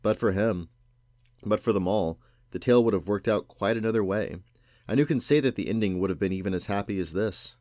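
Man voicing a gentle male magician counselor, hushed and confiding. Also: lowish voice, brisk, no room sound, clean studio sound, close to an everyday voice. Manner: quiet and confiding.

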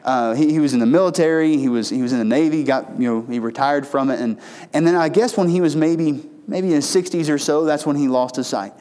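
A man preaching a sermon in a folksy storytelling way, often restarting his phrases and rising in pitch for emphasis. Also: a little fast, darkish tone. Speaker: pastor.

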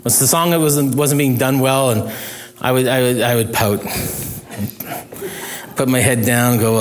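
A man's voice: mid-range voice, fairly even intonation, normal speed, pauses often. A middle-aged male pastor preaching a sermon in an earnest, conversational way, with self-deprecating humor.

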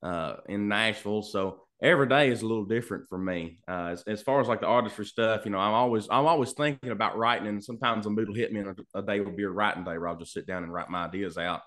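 A man's voice: fairly low pitch, fast talker, few pauses, a bit bright. A young man from Kentucky with a thick Southern drawl, an easygoing, polite country singer-songwriter chatting in an interview from his home studio. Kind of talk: casual interview chat.

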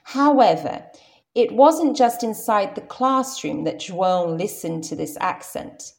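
A woman's voice: medium pitch, animated, a little slow, gravelly. A young adult woman with a modern received pronunciation British accent, teaching English in a careful, explanatory lesson. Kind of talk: scripted podcast lesson.

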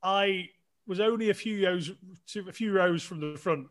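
With a high, fairly bright voice at a moderate pace, a middle-aged man tells casual stories on a podcast as a guest, chatty and self-deprecating and restarting often.

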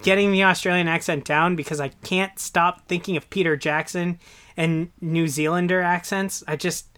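Casual co-host, male, high register, rambling delivery. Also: fairly even intonation, normal speed, fairly bright tone, clear, resonant tone. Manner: rambling, filler-heavy, restarts. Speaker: podcast co-host. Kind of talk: casual chat.

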